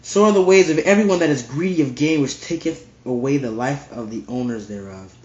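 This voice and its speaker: A man's voice: mid-range voice, a little fast. A man giving a casual verse-by-verse Bible study, reading scripture aloud and repeating his points with emphasis. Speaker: Bible teacher. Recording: roomy, dull lo-fi recording.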